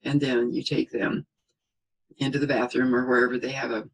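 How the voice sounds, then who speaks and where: A middle-aged man giving a spoken parenting lesson in a calm, reassuring way, often checking in with "okay?" and acting out what a parent would say. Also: medium pitch, normal speed, creaky, low-quality recording. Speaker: parenting teacher.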